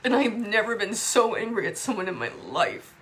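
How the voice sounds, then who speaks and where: A woman's voice: mid-range voice, sing-song, fairly bright tone. A woman pours out her anger and hurt straight to camera, breaking off and starting over as she goes. Her voice sits in a middle register. A faint hiss of noise runs underneath. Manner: raw, upset, swearing, halting restarts. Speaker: vlogger. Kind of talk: emotional confessional vlog.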